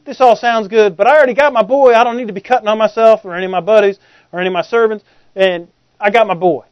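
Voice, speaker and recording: A preacher doing a folksy old patriarch haggling with God. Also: male voice, sits high, steady tone, fast, no room sound, natural voice. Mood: pleading. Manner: folksy, wheedling street talk. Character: old patriarch Abraham, bargaining casually with God. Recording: dull lo-fi recording.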